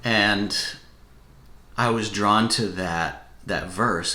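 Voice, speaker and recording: A man co-hosting a casual faith podcast, reflective and growing animated when excited. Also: on the low side, very slow. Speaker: podcast co-host who has preached. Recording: roomy echo.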